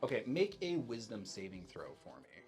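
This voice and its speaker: A man narrating a tabletop game as game master, describing scenes with halting fillers. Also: on the low side, wildly swooping pitch, creaky, over music.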